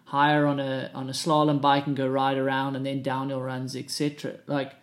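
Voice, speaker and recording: A man's voice: medium pitch, completely flat delivery, a little fast. A man with a South African accent, hosting a podcast and telling stories in casual chat with a lot of laughter. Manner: laughing, anecdotal storytelling. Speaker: podcast host.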